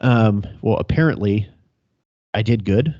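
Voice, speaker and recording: A man's voice: on the low side, a little slow, dark tone, no echo. A young male police officer telling a chase story on a casual podcast, laughing, swearing and acting out radio calls. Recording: dry, dull lo-fi sound.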